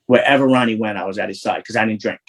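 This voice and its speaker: A man's voice: lowish voice, fairly even intonation, very fast, rough recording. A man, an interview guest telling rambling, profane street stories full of restarts. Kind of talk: casual storytelling.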